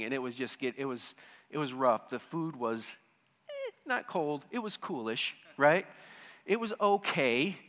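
Animated older man telling a story in a hall. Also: medium pitch. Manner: animated, swings between hushed asides and loud excited bursts. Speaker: storyteller speaking to an audience. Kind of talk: humorous personal storytelling. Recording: hall with long reverb.

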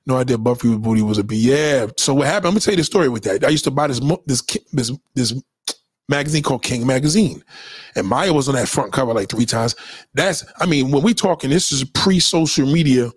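Animated, husky-voiced man chatting casually. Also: mid-range voice, fairly quick, dry recording. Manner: loose, profane storytelling, lots of restarts. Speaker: podcast host. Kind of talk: casual podcast chat reading live comments.

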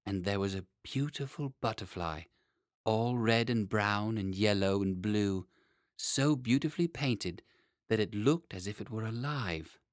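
A man narrating a children's story in an expressive, playful way. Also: lowish voice, a little slow, dry recording, clean studio sound. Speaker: audiobook narrator.

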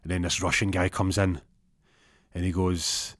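A man telling an improvised comic story, animated, jumping into high put-on voices for the characters. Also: moderate pace, pauses often, no room sound, studio quality.

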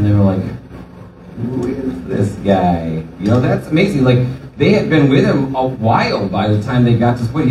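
Animated preacher with an echoey sound. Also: male voice, mid-range voice, noisy background. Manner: animated storytelling with voiced asides. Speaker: pastor. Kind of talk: sermon. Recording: echoey room from far off.

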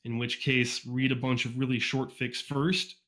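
A man from Northeast Ohio talks in a loose, casual podcast chat. He tends to rush his words and leans on fillers and quick restarts. His voice sits at an everyday middle pitch, picked up cleanly by a USB condenser mic. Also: flat delivery, a bit bright. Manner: fast-talking, informal, frequent fillers and restarts. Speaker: podcast guest, fan audiobook reader. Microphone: USB condenser microphone.

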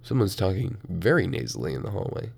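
Young man, podcast host, swearing, animated, pitch jumping all over, dorm room. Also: fast talker, gravelly, husky. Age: young adult. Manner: profane, animated, shifts from mumbling to shouting. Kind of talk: casual solo podcast rant.

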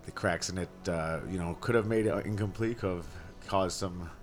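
A man's voice: deep voice, moderate pace, faint music behind. A man narrating as game master, casual and descriptive, with frequent fillers.

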